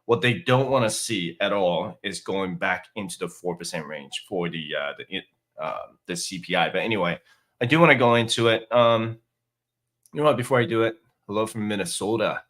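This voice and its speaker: A man's voice: low-pitched, moderate pace, a bit bright. A man hosting a casual finance livestream, talking viewers through figures with lots of fillers. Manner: chatty, many fillers, walking viewers through data. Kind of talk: casual live stream commentary.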